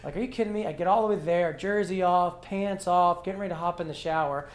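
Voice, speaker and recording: A young man on a podcast, telling a college baseball story in a casual, animated, profane way and acting out the dialogue. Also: high-pitched, quick pace. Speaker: podcast guest, former college catcher.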